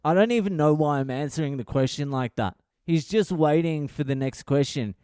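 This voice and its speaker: A man's voice: on the high side, moderate pace, warm tone, clear, resonant tone, no room sound, studio quality. Foul-mouthed comedian man ranting. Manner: swears constantly, rambling and exasperated. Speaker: comedian podcast host. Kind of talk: comic storytelling monologue.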